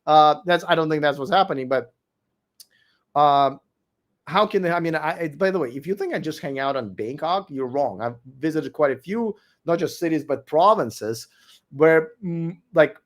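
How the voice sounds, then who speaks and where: He's a livestream host going through viewer comments late at night, his voice on the high side at a normal pace but weak and giving out. His manner is blunt and profane, and he repeats himself when arguing.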